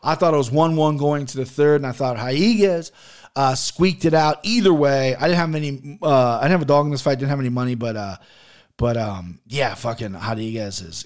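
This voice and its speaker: A man's voice: mid-range voice, brisk. A man talking casually as a host reviewing fight results, blunt, profane and rambling, with plenty of fillers. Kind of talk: casual chat.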